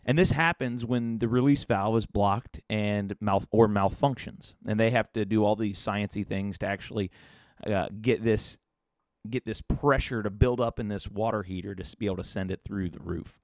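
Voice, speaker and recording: A man's voice: fairly low pitch, fairly even intonation, moderate pace, dry recording, studio quality. A man hosting a solo podcast episode, talking in an earnest, reflective way and often restarting his sentences. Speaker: podcast host.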